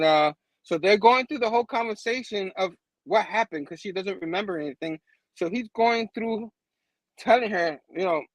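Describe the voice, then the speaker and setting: A man's voice: on the high side, dry recording, low-quality recording. A man hosting a comic book review show, casually recapping an issue in a rambling way, chuckling often and using lots of fillers.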